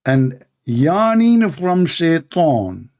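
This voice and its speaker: A man's voice: a little high, very animated, extremely slow, darkish tone. A man giving mocking, exasperated commentary, sarcastic and laughing. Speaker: religious debate commentator.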